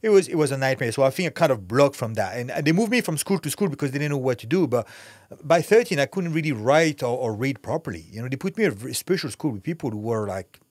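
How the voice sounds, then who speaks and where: A man's voice: mid-range voice, expressive, fast talker, a little mellow, dry recording. Blunt, intense man swearing freely. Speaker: guest, actor and former fighter. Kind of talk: candid podcast interview talk.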